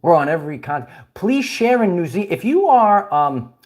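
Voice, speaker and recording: Man, slightly high voice, rambling livestream host, chuckles, restarts, greets viewers. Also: big pitch swings, moderate pace. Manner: reads viewer comments and greets the audience. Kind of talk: casual spiritual livestream chat.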